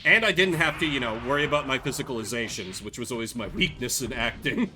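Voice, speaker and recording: Talking fast with a sharp tone, this young man in a mid-range voice streams a game and rambles chattily through stories loaded with fillers.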